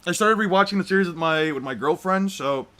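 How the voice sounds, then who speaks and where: A man's voice: high-pitched, brisk, sharp tone. A young man chatting casually with his viewers, rambling and repeating himself as he restarts his thoughts. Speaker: streamer reacting to chat.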